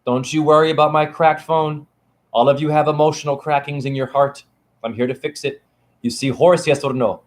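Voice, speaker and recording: A man's voice: a little high, fairly even intonation, normal speed, roomy sound. A man in a rambling, playful, preachy teaching monologue, filmed on his phone. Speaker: spiritual teacher. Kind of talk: casual teaching monologue to camera. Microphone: phone camera.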